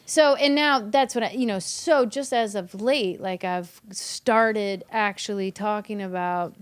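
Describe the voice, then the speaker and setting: A woman's voice: mid-range voice, measured pace, clear, resonant tone. A woman from Kentucky with a Southern accent, a comedian chatting candidly on a podcast, laughing through her stories and swearing casually. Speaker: comedian guest.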